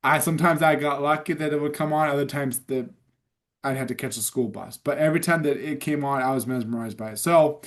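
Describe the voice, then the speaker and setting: A man in his thirties hosting a casual chat, eager, reminiscing and quick with short replies. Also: a little high. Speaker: podcast host.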